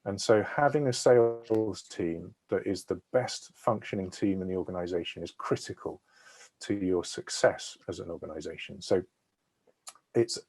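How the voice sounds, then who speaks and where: Man, sales consultant, webinar guest, breathy voice, explanatory, video call. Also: sits low, moderate pace, a little mellow. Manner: explanatory, checks in with "right?". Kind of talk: webinar talk.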